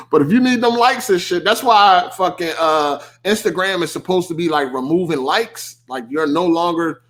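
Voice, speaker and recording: A man's voice: sits high, a little slow. A man hosting a podcast, ranting in casual speech with lots of swearing and mocking asides. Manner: animated, swearing, laughing, mocking quoted voices. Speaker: podcast host. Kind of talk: casual rant.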